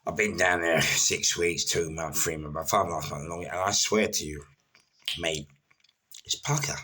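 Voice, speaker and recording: A deep, husky man, speaking with a forceful, bright edge. He rambles through casual stories, stumbling over repeated words between plenty of fillers. He sounds middle-aged and unpolished. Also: steady tone, moderate pace. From London. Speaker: former prisoner telling stories. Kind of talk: casual storytelling.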